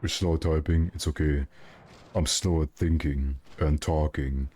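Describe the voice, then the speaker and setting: A man's voice: extremely low pitch, fairly even intonation, unhurried, mellow, slightly rough. A man from Germany, chatting casually on a game livestream in a rambling, jokey way and often correcting himself. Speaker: game streamer.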